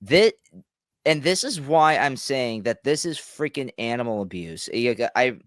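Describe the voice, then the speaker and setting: A man's voice: mid-range voice, animated, fairly bright tone, dry recording, clean studio sound. Man ranting with stumbling restarts. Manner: halting, restarts often, swears freely. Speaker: streamer reacting to a video. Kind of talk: casual ranting commentary.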